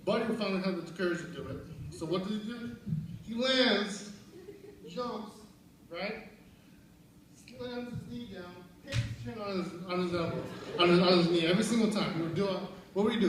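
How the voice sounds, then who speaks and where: Give me a young man with a high voice sharing laughing memories, heard from afar with background noise. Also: moderate pace. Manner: laughs often while telling stories, acts out quotes. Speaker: eulogy speaker at a memorial service. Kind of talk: storytelling remembrance. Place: large room at a memorial service. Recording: very echoey hall, far from the mic, background noise.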